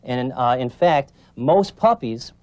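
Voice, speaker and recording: A man's voice: mid-range voice, animated, slow pace, a little mellow, no echo. A man demonstrating puppy training, explaining patiently and checking in with his student as he coaches. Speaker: dog trainer. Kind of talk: instructional demonstration.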